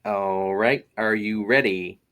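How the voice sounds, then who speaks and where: A man's voice: on the low side, takes it slowly, fairly bright tone. A man hosting a casual interview who laughs often and keeps an easygoing tone. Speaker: host.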